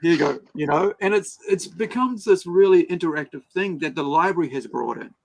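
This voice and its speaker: This New Zealander is a podcast co-host who tells lively stories in relaxed conversation, performing other people's quotes. He speaks a little fast in a higher-leaning voice with vocal fry, captured on a low-quality recording.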